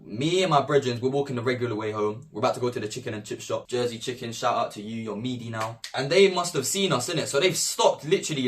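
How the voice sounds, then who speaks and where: A young man with a London accent tells a story with a lot of energy and plenty of slang. His voice sits at an ordinary middle pitch. The mic is set a little way back from him, so he sounds slightly distant. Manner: animated, slang-heavy storytelling. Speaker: vlogger. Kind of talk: storytime monologue.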